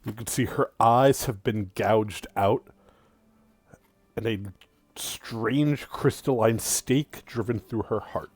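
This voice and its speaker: Slow-spoken male game master. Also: on the low side, darkish tone, slightly rough, dry recording. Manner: slow, deliberate storytelling. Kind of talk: narrating a tabletop game.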